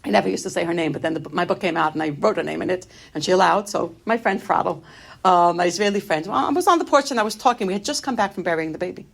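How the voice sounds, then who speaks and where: A middle-aged woman giving an inspirational talk, telling personal stories in an animated, humorous way that turns grave at moments. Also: lowish voice, fast, vocal fry. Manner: animated, humorous, shifting between light and grave. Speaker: inspirational speaker.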